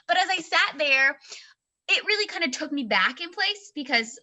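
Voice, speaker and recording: A woman in her thirties with a high, bright voice, co-hosting a casual book club podcast. She tells stories in an animated, expressive way and acts out the voices of the people she quotes. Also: moderate pace. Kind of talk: casual storytelling chat.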